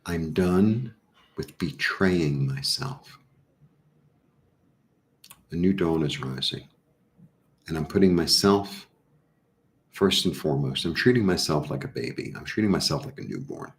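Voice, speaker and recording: A man with a very low voice talks his way through a casual live tarot reading. He is middle-aged and rambles, breaking off into lively little asides. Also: normal speed, gravelly. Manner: chatty, rambling, animated asides. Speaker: tarot reader.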